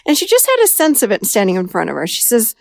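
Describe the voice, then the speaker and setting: A woman therapist hosts a podcast, casually recounting a client's story and animatedly acting out the dialogue in a raised voice. She talks fast with a slightly high voice and vocal fry, recorded in studio quality with no echo.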